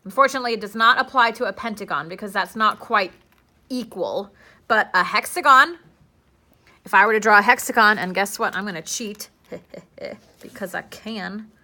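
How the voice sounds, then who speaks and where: A woman's voice: mid-range voice, normal speed, pushed and bright. A young woman teaching a classroom lesson, chatty and playful, asking her students questions as she works.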